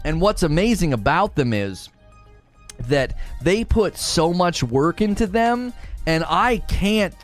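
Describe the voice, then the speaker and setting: A man hosts a laid-back gaming live stream, joking and ranting with a lively voice that leaps up and down. His voice sits a bit high for a man. Faint music plays under him. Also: takes it slowly. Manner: animated, jokey, swings between loud bursts and mutters. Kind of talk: casual live-stream chat.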